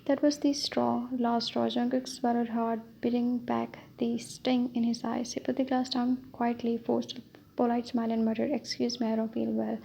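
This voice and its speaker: Gravelly woman reading a story, flat and dull. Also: fairly high pitch, moderate pace. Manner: flat, even reading with small slips. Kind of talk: reading fan fiction aloud. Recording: dull lo-fi with faint hiss.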